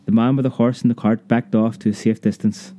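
A man narrating a memoir audiobook in a measured, vivid storytelling manner. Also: mid-range voice, fairly even intonation, warm tone, no room sound.

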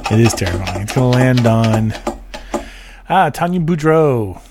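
A man's voice: medium pitch, lively intonation, unhurried, background noise. A man with a nasal voice hosting a podcast segment, stumbling over his words now and then. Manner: stumbles, restarts sentences. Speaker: podcast host. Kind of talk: casual chat.

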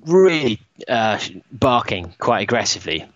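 A man hosting a podcast, telling a running story in a casual, animated way. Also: mid-range voice, measured pace, no echo, dull audio. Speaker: podcast host. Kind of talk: casual chat.

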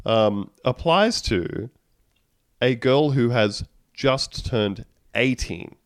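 A man's voice: mid-range voice, lively intonation, extremely slow, dry recording, clean studio sound. A man co-hosting a casual comedic podcast, reading news aloud wryly and laughing mid-sentence. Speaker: podcast co-host.

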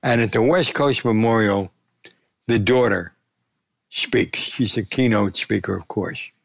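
An older man, a sportswriter, telling lively anecdotes in an interview and acting out the quotes. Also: on the low side, a little slow, gravelly, no echo. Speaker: sportswriter and columnist. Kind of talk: storytelling in a conversational interview.

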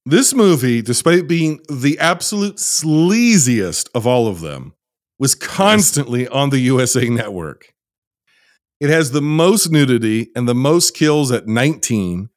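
A man's voice: mid-range voice, unhurried, no room sound. A sardonic man hosts a casual podcast chat. His voice moves a lot, rising and falling as he talks. The sound is dry and close. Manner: sardonic, animated. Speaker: podcast host.

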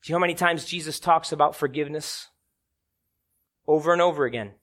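A man's voice: fairly high pitch, fast, a bit bright. A man preaching a sermon, telling stories dramatically and building to emphatic peaks.

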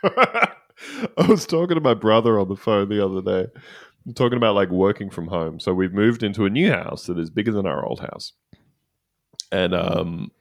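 A man hosting a comedy podcast, reading news aloud with deadpan jokes. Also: low-pitched, dry recording, clean studio sound. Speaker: podcast host.

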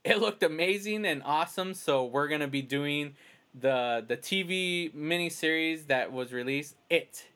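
A male podcast host with a somewhat high voice talks in a loose, casual way. He rambles through stories, stops and restarts often, and acts out his own quoted lines as he goes. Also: a little slow, sharp tone, clear, resonant tone. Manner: rambling, storytelling with quoted asides. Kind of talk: casual chat.

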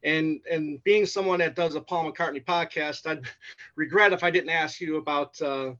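A man hosting a podcast, asking a guest questions in a halting, earnest way with many fillers. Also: on the high side, fairly even intonation, fairly bright tone, highs cut off. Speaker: podcast host. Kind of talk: interview questions.

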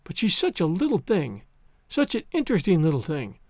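A man reading a shy, gentle old farmer. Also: sits high, huge pitch swings, fairly quick, dry recording, studio quality, exaggerated voice. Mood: pleading. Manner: soft, hesitant, mild.

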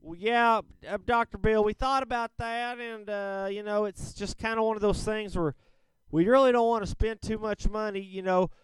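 A man plays a crude, bragging rich caller with a fake Southern drawl. The voice sits high and sounds very clear and smooth, recorded dry and close. He rambles in a folksy, boastful way. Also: fairly even intonation, moderate pace, dry recording, natural voice. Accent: fake Southern American drawl. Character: brash rich man caller, going through divorce. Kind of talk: comedic prank call-in sketch.

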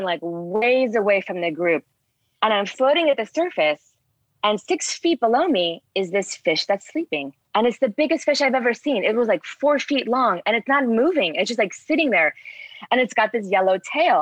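A woman's voice: on the high side, moderate pace, dry recording, poor audio. Chatty woman telling stories, lots of fillers. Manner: rambling, filler-heavy, animated. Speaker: spearfishing guest. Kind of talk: casual storytelling chat.

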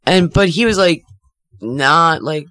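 A woman's voice: deep voice, slow, a bit bright, dry recording. A woman co-hosting a casual podcast chat, telling a story with lots of fillers and laughter. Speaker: podcast co-host.

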